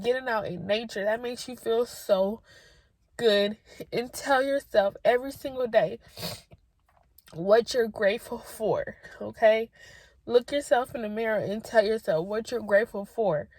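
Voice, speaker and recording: Speaking spontaneously to the camera, a young woman with a slightly high voice shares heartfelt personal advice with her viewers, earnest and emotional. There's no echo on the recording.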